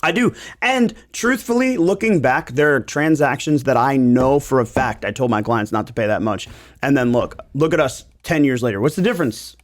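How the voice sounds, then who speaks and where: A man chatting on a podcast about his work as a realtor. He talks in a loose, animated, jokey way, his pitch swinging up and down, in a plain studio sound. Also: normal speed. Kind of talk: casual podcast chat.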